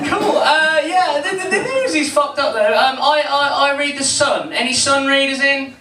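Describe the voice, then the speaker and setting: Lively teenage stand-up comic. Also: male voice, very high-pitched, slow, long pauses, far from the mic. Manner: rambling, chatty, crowd-baiting, many fillers. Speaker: stand-up comedian. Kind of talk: stand-up comedy. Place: comedy club stage. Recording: echoey room, heard from afar, noisy.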